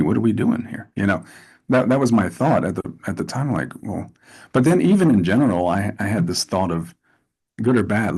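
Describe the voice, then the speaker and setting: A man in a casual interview, telling animated stories with lots of restarts and asides. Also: lowish voice, creaky, husky. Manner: animated storytelling with repeated restarts. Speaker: actor, interview guest.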